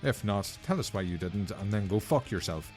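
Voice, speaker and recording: A man's voice: on the low side, animated, moderate pace, darkish tone, faint music behind. A man hosting a podcast in casual, jokey chat, swearing freely and laughing often. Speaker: podcast host.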